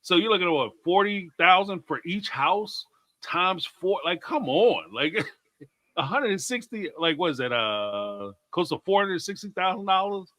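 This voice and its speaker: Animated, bright-voiced man chatting. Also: sits high, unhurried, no echo. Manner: animated, laughs often, reads out viewer comments. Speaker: co-host. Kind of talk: casual chat.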